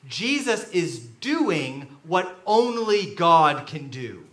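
A man preaching a sermon as pastor, telling stories with animated, sudden loud bursts. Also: fairly high pitch, drawn-out words, reverberant. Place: church.

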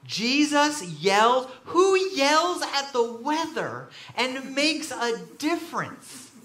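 A man preaching a sermon as pastor, telling stories with animated, sudden loud bursts. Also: very high-pitched, slow pace, echoey room. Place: church.

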